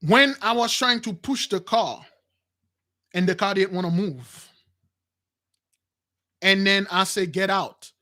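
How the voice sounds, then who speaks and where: Slow and with long pauses, a man whose voice sits high relates a dramatic personal story to his audience, acting out the quotes with animation. He is a spiritual channel host who addresses "brothers," and he repeats, restarts and uses non-standard grammar.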